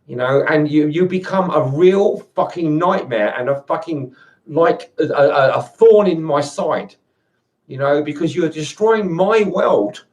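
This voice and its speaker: A video rant maker, angry and worked up, swears and repeats himself in a monologue to camera. His voice is fairly high, unhurried, and darkish in tone, and in his agitation he repeats and restarts words.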